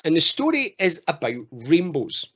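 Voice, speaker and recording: A Scottish man giving an online training talk as a mental health trainer, telling stories in an animated way. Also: on the high side, normal speed, breathy edge. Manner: animated storyteller. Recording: dull lo-fi call audio.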